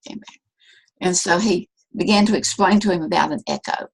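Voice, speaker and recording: A woman leading a discussion, sharing a personal story in an earnest, searching and soft-spoken way, often repeating her phrases. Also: lowish voice, moderate pace, creaky, slightly rough. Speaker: discussion leader.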